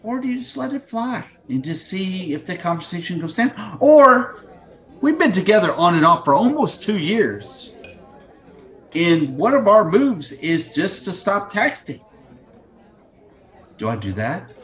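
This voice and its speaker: Lively middle-aged podcast host, crude. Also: male voice, high voice, a little slow, some chatter behind. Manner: crude, joking, scatterbrained. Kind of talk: casual rambling monologue. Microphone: video call.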